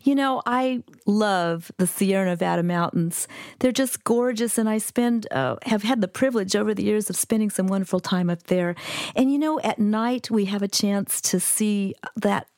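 A woman hosts a faith talk show, speaking in an affirming and effusive way as she encourages her guest. Her voice sits in a middling pitch for a woman. The studio sound is dry and close. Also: normal speed, a little mellow, dry recording. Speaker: radio show host. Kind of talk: faith radio interview. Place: radio studio.

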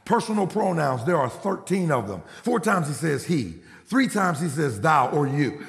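A male pastor preaching a sermon, telling a family story and building to shouted exhortation. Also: a little high, very animated, normal speed, gravelly, big-room sound. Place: church.

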